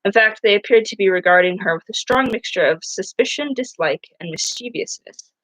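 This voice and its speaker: A woman reads a novel aloud at a medium pitch, in a casual and unpolished way. She often trips over a word and goes back to restart it. The recording is dry, with no room echo. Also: lively intonation, brisk, fairly bright tone. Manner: casual reading with frequent slips and restarts. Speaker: reader.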